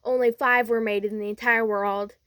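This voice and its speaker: A woman's voice: a little high, flat delivery, moderate pace, a bit bright, no room sound, clean studio sound. A young woman casually narrating a second-person fan story, rambling with many fillers and restarts.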